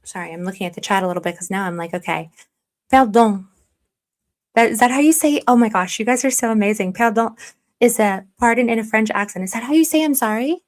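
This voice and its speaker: A woman's voice: fairly high pitch, lively intonation, racing, few pauses. A young woman hosting a casual live stream, chatting freely, reading comments and teasing her viewers with mock stern warnings. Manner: chatty and self-deprecating, reads chat aloud, slips into mock stern warnings. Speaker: livestream commentary host.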